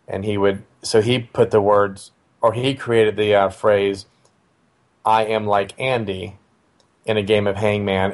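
A middle-aged man, a father, telling a personal family story in a casual, conversational way, often pausing with fillers and restarting his sentences. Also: on the low side.

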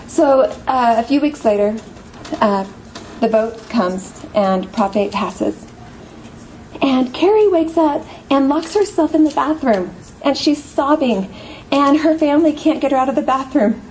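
A woman's voice: high-pitched, animated, measured pace, darkish tone, slight background noise, poor audio. A woman giving a heartfelt, earnest speech, telling a personal story with repeated phrases. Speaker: guest speaker.

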